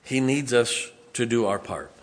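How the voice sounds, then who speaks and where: A man in his fifties, a pastor preaching a sermon, telling a personal story and dropping to a hushed, emotional tone. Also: mid-range voice, measured pace.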